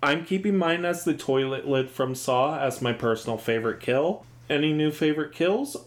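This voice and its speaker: Guy cohosting a horror podcast, calm and measured, keeps the segments moving. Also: a little high. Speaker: podcast co-host. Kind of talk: casual chat.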